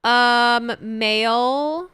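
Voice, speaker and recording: A woman's voice: a little high, drawn-out words, pushed and bright, smooth, no room sound. A woman streamer in casual live chat, joking theatrically and answering her viewers.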